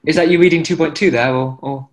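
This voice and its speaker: A man's voice: on the high side, fast. A man teaching an online class in chanting scripture, explaining with many fillers and chanting short examples. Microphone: video call.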